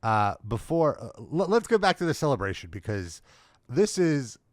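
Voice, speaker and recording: A man co-hosting a wrestling review podcast in casual chat, excitable and acting out the crowd's reactions. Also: mid-range voice, normal speed, no room sound, studio quality. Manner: excitable, acts out quoted reactions. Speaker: podcast co-host.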